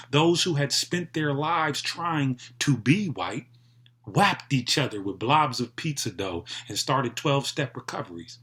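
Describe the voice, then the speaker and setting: Man reading a poem, deliberate. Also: mid-range voice, a bit bright. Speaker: poetry reader. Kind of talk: poetry reading.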